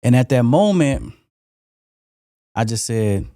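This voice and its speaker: A middle-aged man with a dark, mellow voice reflects on a personal story during a podcast panel. He talks in a relaxed, easy way, often leaning on "you know," and the recording is dry and close. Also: mid-range voice, a little slow, no echo. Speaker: podcast co-host. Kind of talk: casual round-table chat.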